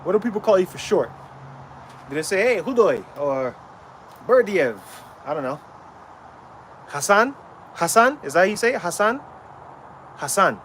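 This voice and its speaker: A man's voice: high-pitched, very animated, moderate pace, pauses often, fairly bright tone, slight background noise. A man livestreaming while training, chatting casually with viewers and stumbling over names as he asks questions.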